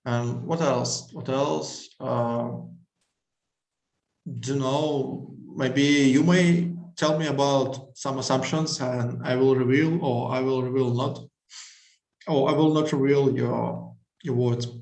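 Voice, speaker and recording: A man from Russia, a native Russian speaker, answering students in slow, halting English over a video call. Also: medium pitch, steady tone, vocal fry, darkish tone, echoey room, poor audio. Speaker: guest speaker. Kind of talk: school video-call talk.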